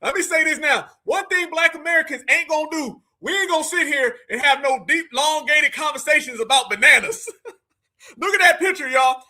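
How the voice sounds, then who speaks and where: A man hosting a live show, reacting to clips with loud exclamations and mocking asides to his viewers. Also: extremely high pitch, normal speed. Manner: exclaiming, mocking, laughing, addresses viewers as fam. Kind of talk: animated live reaction commentary.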